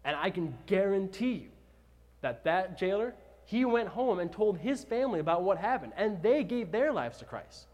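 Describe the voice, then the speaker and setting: A man preaching a sermon, retelling scripture with animated, dramatized storytelling. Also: high-pitched, normal speed. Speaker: pastor.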